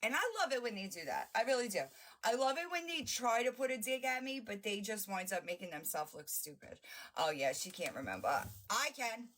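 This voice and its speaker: A woman hosts a livestream and reacts to videos with blunt, profane mockery and frequent laughter. Her voice is bright and forward. She talks in a sarcastic, loose, casual way. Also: medium pitch, lively intonation, brisk. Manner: brash and profane, often laughing; mocking and sarcastic. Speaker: livestream host.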